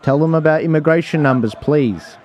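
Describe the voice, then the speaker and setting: A man's voice: a little high, brisk, a little mellow, some chatter behind. A man hosting a livestream, commenting live with exasperated sighs and apologies to his viewers. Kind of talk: live commentary over stream.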